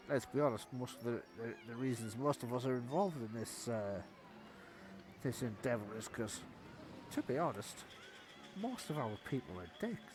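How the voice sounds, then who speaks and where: A man's voice: medium pitch, background noise, pitched below the performer's own voice, natural voice. A man voicing a wary, rambling male goblin who stammers and distrusts outsiders.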